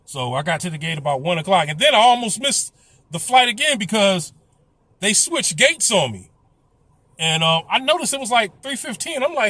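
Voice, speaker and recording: High, bright-voiced man ranting. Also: big pitch swings, a little fast, dry recording. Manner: profane, blunt and complaining. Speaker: vlogger. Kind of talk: casual storytelling rant.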